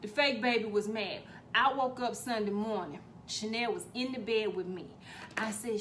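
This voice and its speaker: Loud, profane woman telling stories. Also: on the high side, unhurried, a little hiss or hum. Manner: profane, animated, loud bursts. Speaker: parent telling a family story. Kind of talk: comedic storytelling.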